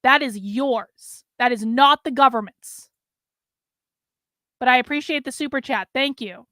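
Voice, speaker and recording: A woman's voice: sits high, unhurried, pushed and bright, no room sound. A woman hosting a livestream, reacting to clips and reading viewer messages in a blunt, profane, emphatic way. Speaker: host.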